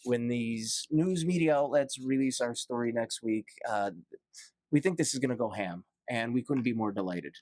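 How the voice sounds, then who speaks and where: A man's voice: medium pitch, normal speed, a little mellow, no room sound. A man, a barber shop owner guesting on a podcast, talking with enthusiasm and rattling off lists. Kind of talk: casual podcast chat.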